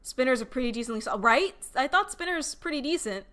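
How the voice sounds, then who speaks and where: Bright-voiced woman streamer thinking aloud. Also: high voice, expressive, fairly quick. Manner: thinks aloud, reads viewer chat, trails off with fillers. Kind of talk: casual live-stream chat while deckbuilding.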